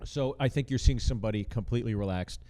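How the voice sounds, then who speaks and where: A man's voice: mid-range voice, fast, warm tone. A man hosting a casual chat about stand-up comedy, explaining his points at length in an earnest, analytical way. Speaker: host. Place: comedy club.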